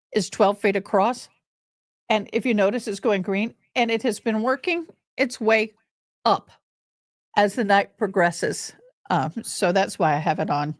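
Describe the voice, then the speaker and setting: A woman's voice: mid-range voice, no echo. An older American woman hosting a live stream, chatting casually with viewers and a caller while showing clips. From United States. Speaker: livestream host.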